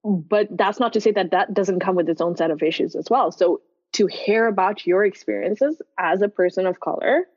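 A woman's voice: mid-range voice, normal speed, darkish tone, breathy edge, no room sound. A woman from Dublin hosting a casual conversation and speaking in a reflective, earnest way. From Dublin, Ireland. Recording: dry, slightly dull recording.

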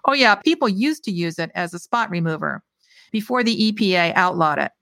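A woman's voice: lowish voice, fairly quick, no room sound. A woman voicing a blunt, dry-witted female lab scientist who talks matter-of-factly. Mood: explaining. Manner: matter-of-fact, deadpan.

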